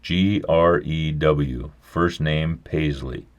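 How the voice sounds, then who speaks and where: A man voicing a stubborn, folksy old country doctor who talks briskly and gruffly in a storybook reading. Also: rumbling low, steady tone, highs cut off, full character voice.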